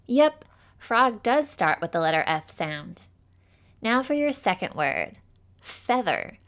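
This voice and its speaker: A woman leads a slow, scripted phonics lesson for young children, with a medium-pitched voice. She speaks at a very unhurried pace and praises often. She sounds out each letter with careful, exaggerated enunciation. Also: very animated, fairly bright tone. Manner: upbeat and encouraging, with frequent praise.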